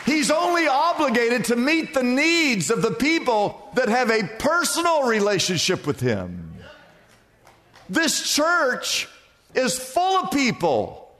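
High, lively preaching man in a big church. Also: long reverb tail. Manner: emphatic preaching, stretching key words. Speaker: pastor. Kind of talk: sermon. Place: large church sanctuary.

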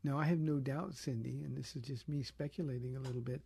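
A man with a gravelly, husky voice answers listeners' Bible questions on call-in radio. His tone is dark and mellow, and he talks in an easygoing, thoughtful way, full of small fillers. The studio sound is dry and close. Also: mid-range voice, fairly even intonation, fast, no echo. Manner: conversational, thoughtful, many fillers. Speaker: pastor answering callers on a radio show.

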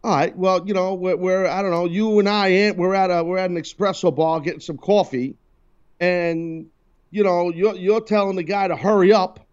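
A man's voice: sits high, fairly even intonation, normal speed, clear, resonant tone, dull audio. Teasing, rambling radio host, man. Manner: loose and rambling, teasing his co-hosts. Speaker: radio talk show host. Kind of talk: casual on-air banter.

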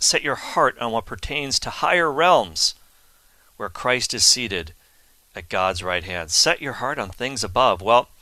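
A man tells a saint's life story in a chatty, enthusiastic way, full of asides. His voice is fairly low and bright, and it sounds close and dry with no room echo. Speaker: Catholic speaker telling a saint's story. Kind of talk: casual storytelling talk.

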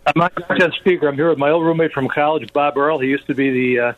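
A man's voice: on the high side, quick pace, slight background noise. A man in his sixties calling in to a radio show, chatty and rambling, who chuckles along as he talks. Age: 60s. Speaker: caller. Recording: muffled phone line.

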